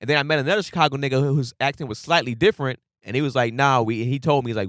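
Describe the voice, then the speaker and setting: A man co-hosting a podcast, ranting in casual chat and acting out friends in loud bursts. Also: mid-range voice, very fast, dry recording, studio quality. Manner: animated, ranting, acts out drunk friends with loud outbursts. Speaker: podcast co-host.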